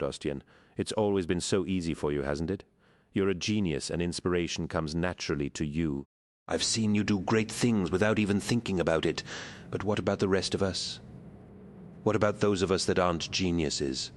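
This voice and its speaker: A man's voice: sits low, fairly quick, close to an everyday voice. A man voicing a troubled young female artist with tearful, pleading and bitter speech.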